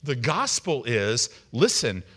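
A middle-aged man preaching an evening sermon, animated and conversational, acting out the people he quotes. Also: medium pitch, slow pace, husky. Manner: animated, acts out quoted voices. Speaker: pastor.

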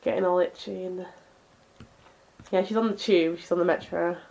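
A woman's voice: on the low side, fairly even intonation, normal speed, creaky, a little mellow. A woman co-hosting a casual podcast chat, giggling as she reads comic panels aloud. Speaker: podcast co-host.

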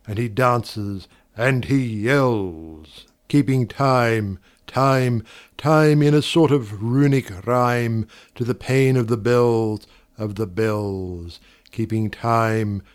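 Slow, theatrical man reciting poetry. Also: medium pitch, clear, resonant tone. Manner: slow, theatrical, swelling on repeated words. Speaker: poetry reader.

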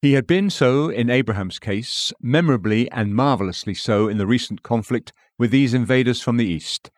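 A man giving a scripted devotional reading, measured, slowing and lifting his voice for quoted scripture. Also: mid-range voice, no room sound, clean studio sound. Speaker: devotional reader.

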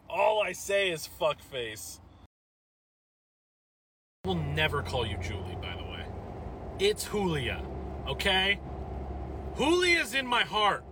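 A man's voice: high voice, bright, forceful tone, slight background noise. A man leaving a rambling, heavily profane voice message for a podcast while driving his car.

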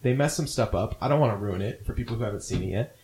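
A man's voice: lowish voice, expressive, rapid-fire, a little mellow. A man co-hosting a casual movie review podcast, rambling and restarting often as he talks. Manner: rambling, many restarts and fillers. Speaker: podcast co-host.

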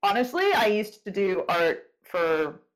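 A woman's voice: mid-range voice, animated, a little slow, rough recording. A woman hosting a casual podcast interview over a call, teasing her guest and reading questions from the chat. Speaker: podcast host.

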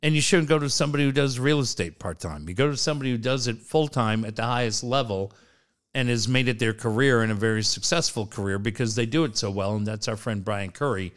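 A man's voice: mid-range voice, quick pace. A man co-hosting a radio show, telling stories casually and swearing freely while doing sponsor reads. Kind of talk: casual chat with live reads.

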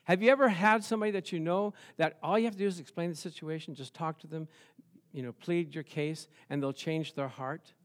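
High-voiced man preaching an animated sermon. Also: fairly quick. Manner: animated storytelling with rhetorical questions and chuckles. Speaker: pastor.

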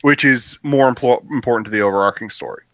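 A man co-hosting a podcast, retelling a cartoon in an animated, profane, jokey way. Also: medium pitch, fast, dry recording, highs cut off. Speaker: podcast co-host. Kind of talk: casual chat recapping a cartoon.

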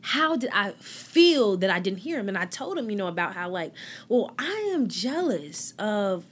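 A woman hosting a faith podcast talks casually in a voice of middle pitch that swings widely up and down. She acts out quoted conversations, drops almost to a whisper and then rises to loud exclamations. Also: normal speed. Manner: animated storytelling, acting out quoted exchanges. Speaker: podcast host.

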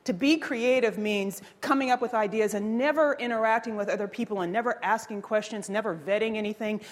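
A woman giving an energetic workshop talk, quizzing the audience and preaching her ideas. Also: on the high side, big-room sound. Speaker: workshop speaker.

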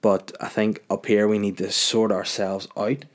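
A Northern Irish man hosts a podcast alone, talking off the cuff in a casual, ranting monologue. His voice sits a little low, and he often breaks off mid-word to restart his sentences. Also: level tone, normal speed. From Northern Ireland. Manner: rambling, ranting, self-interrupting. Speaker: podcast host.

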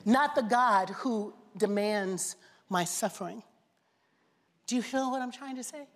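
A woman's voice: fairly high pitch, lively intonation, a little slow. A woman preaching a sermon with passion, building through rhetorical questions and repeated phrases. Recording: long reverb of a large hall.

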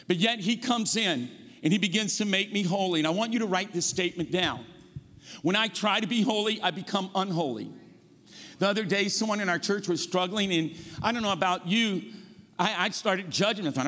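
A man preaching a sermon as guest pastor, telling funny stories and calling the congregation to say amen. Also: sits high. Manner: animated storytelling preacher, calls for amens. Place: church sanctuary. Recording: long hall reverb.

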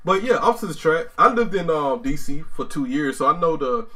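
A quick-talking man hosts a casual podcast with a bright, forward voice. He is animated and acts out the voices he quotes. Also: a little high. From Georgia. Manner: animated, acts out quoted voices, many "you know what I'm saying". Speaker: podcast host.

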